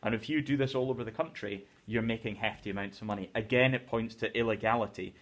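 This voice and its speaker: A man's voice: on the low side, fast talker. A man who teaches English, reading a novel aloud to his class and explaining it in a conversational way. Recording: teacher's recorded lesson video.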